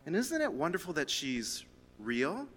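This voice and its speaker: A man preaching a sermon to his church in a conversational, animated way, reading scripture aloud and telling stories on himself. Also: a little high, a little slow, a little hiss or hum. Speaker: pastor. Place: church hall. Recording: reverberant church hall.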